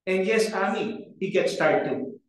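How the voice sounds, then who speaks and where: A man's voice: sits high, a little slow. A man preaching a sermon in a church, earnest, repeating key phrases for emphasis and asking the congregation questions. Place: church hall. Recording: echoey room, picked up from a distance.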